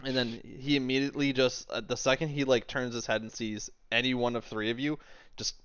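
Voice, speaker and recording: A man's voice: medium pitch, level tone, brisk, a bit bright, clean tone, no room sound, muffled recording. A man narrating as game master of a live tabletop game, laughing often and tripping over repeated words.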